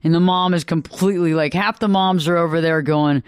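A high-voiced man hosts a live radio advice program, speaking with a smooth, resonant tone. He lectures emphatically and repeats his points for effect. The sound is dry and close, with almost no room echo. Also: steady tone, fairly quick, hardly any pauses. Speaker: radio talk show host.

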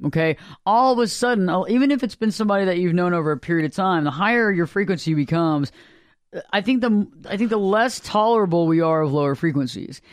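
A man with a notably high voice hosts a spiritual talk show, speaking earnestly and looping back over his points. The sound is close and dry, with no room around it. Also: lively intonation, quick pace, no echo. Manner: earnest, rambling, repeats himself.

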